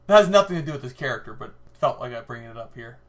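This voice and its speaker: A man's voice: medium pitch, animated, brisk, a bit bright. Chatty man laughing on a podcast. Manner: chatty, laughs often, thinks aloud. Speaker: podcast co-host. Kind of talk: casual chat.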